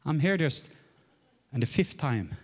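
A man in his forties from Norway, preaching a sermon as a story, swinging from loud exclaims to hushed murmurs. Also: medium pitch, very animated, unhurried, breathy edge. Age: 40s. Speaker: guest preacher.

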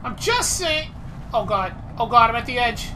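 A woman playing a horror game and commenting, jumpy and quick to yell and swear when startled. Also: fairly high pitch, sing-song, noisy background. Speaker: player. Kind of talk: let's play commentary.

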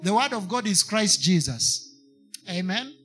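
A Kenyan man delivers a church sermon in a high, bright voice. He pushes his points with emphatic repetition and drops into Swahili now and then. Soft music plays faintly under his words. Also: expressive, a little slow. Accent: Kenyan English. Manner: preaching to a congregation, switching into Swahili, emphatic repetition. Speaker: preacher.

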